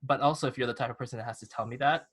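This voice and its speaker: A man's voice: medium pitch, steady tone, racing, a bit bright, breathy edge. A man co-hosting a casual podcast chat, laughing often and mimicking other people's voices in his quotes. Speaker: podcast co-host. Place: studio.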